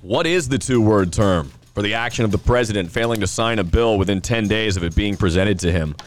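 A man's voice: fairly low pitch, a little fast, soft background music. A man hosting a pub trivia podcast who announces each question, repeats it and jokes between rounds. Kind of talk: casual podcast quiz announcing.

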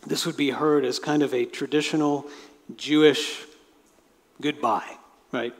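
A man's voice: fairly high pitch, steady tone, a little slow. A man preaching a sermon as pastor, talking in a conversational way and explaining with asides. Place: church sanctuary. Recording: long reverb of a large hall.

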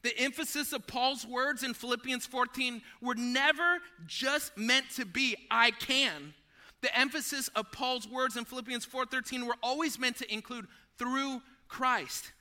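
A male pastor preaching a sermon in a conversational, animated way, talking to listeners as friends and acting out scenes from a story. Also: very high-pitched, measured pace.

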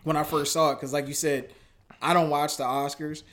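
Slangy, easygoing male co-host. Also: on the high side. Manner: slangy, relaxed, quick interjections. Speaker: podcast co-host. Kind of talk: casual podcast chat.

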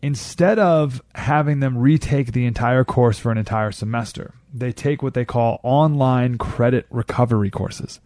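A man's voice: medium pitch, moderate pace, hardly any pauses, a little mellow, no room sound, clean studio sound. A man hosting a talk radio show, delivering an opinionated monologue with sarcastic, incredulous jabs and laughter.

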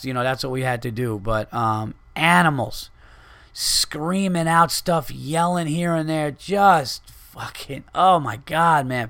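A man's voice: medium pitch, a bit bright, no echo. A man, a comedian hosting his podcast, telling a rambling, profane story in a casual monologue.

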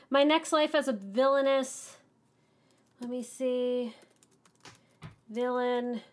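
High-voiced enthusiastic woman podcast co-host. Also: fairly bright tone. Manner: enthusiastic, ranting, fast-moving. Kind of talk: casual podcast chat.

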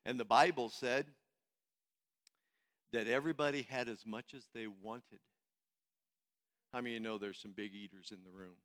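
A male pastor preaching a sermon, swinging from hushed, low passages to loud, emphatic ones. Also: steady tone, normal speed, pauses often.

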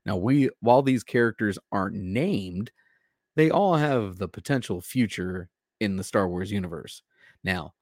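A man co-hosting, reading a market rundown in a steady, announcer-like way. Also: lowish voice, dry recording, studio quality. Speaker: co-host.

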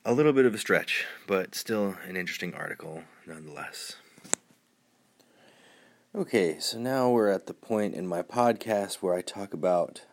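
A man's voice: low-pitched, moderate pace. A man hosting a solo podcast, giving sarcastic, opinionated news commentary in a rambling way with many fillers and a tone he calls neutral. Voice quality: says his tone is neutral and flat. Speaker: podcast host.

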